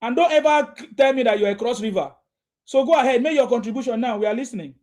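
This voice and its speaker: Man, high voice, call-in host, combative, mocking, repetitive. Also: fast, darkish tone. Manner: combative, mocking, repeats himself. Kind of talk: heated live call-in chat.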